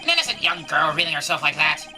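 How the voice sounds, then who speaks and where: A woman voicing a grouchy old man who barks and scolds in a gruff voice, with game music behind. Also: deep voice, very animated, rapid-fire. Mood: scolding.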